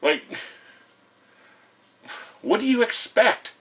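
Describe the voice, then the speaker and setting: A man's voice: high-pitched, big pitch swings, very slow, a bit bright, husky. A middle-aged man, delivering an angry, profane rant to camera in a blunt, lecturing way.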